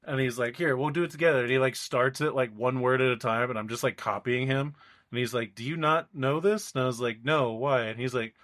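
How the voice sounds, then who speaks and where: A man's voice: mid-range voice, brisk, a bit bright. A young man, a podcast co-host, telling a long story in casual chat, rambling along and acting out the people he quotes.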